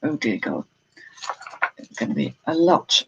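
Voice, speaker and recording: This lo-fi clip with background noise features a middle-aged woman's low, vocal-fried voice at a measured pace. She's a jewellery reseller running a live haul stream, unboxing items while chatting, exclaiming, and thinking aloud to viewers.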